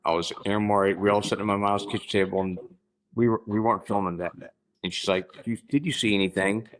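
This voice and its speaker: A man in his fifties from Missouri, a podcast guest telling a personal story in a halting way, restarting sentences and clearing his throat. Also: fairly low pitch, steady tone, rough recording. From Missouri, United States.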